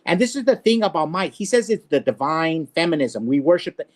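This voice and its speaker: A man's voice: a little high, sing-song, brisk. A man co-hosting a casual online chat show, ranting in an indignant way. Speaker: co-host.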